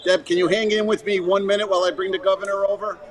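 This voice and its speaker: A man with a Rhode Island accent, brisk and friendly, introducing guests at an event. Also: sits high, little pitch movement, rough recording. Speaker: event organizer. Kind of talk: casual chat.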